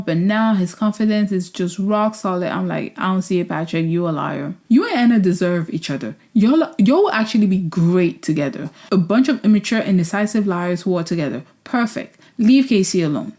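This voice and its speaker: A woman hosting a vlog, giving casual, opinionated reaction commentary that turns sarcastic, with sudden high exclamations. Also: mellow. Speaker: vlog host reviewing a reality show.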